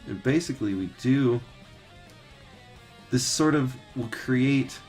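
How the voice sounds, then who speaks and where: A man's voice: mid-range voice, takes it slowly, darkish tone, soft background music. A man in his thirties chatting casually while painting textures live, rambling with lots of filler words, swearing and laughing easily. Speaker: 3D artist streaming his texturing work.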